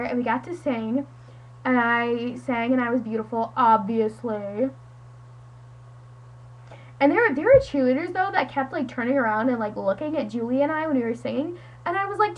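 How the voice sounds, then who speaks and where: Chatty, husky-voiced teenage girl. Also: fairly high pitch, low-quality recording. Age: teens. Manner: chatty, dramatic and self-mocking, lots of "like". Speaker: vlogger. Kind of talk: casual storytelling to a friend.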